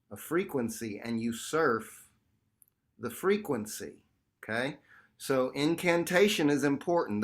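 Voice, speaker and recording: A man's voice: mid-range voice, fairly bright tone. A man leading a group workshop over a video call, talking casually and animatedly, calling the group "y'all". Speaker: workshop facilitator. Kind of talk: online group workshop teaching.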